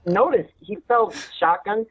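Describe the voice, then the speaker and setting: A man hosting a podcast, with a slightly high voice heard over a tinny, phone-like line. He jokes with his co-hosts and reads listener mail aloud in a quick, playful run. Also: expressive, a little hiss or hum. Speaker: podcast host. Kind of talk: casual chat, reading listener emails.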